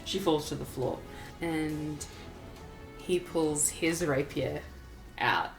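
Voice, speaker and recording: A woman narrating a tabletop role-playing game as game master, in a casual and lively way. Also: low-pitched, slow pace, over music.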